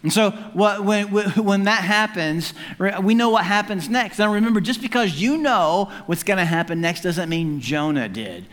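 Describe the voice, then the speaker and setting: A man preaching a sermon as pastor in an animated, conversational and humorous way. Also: sits high, normal speed, hardly any pauses. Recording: long hall reverb.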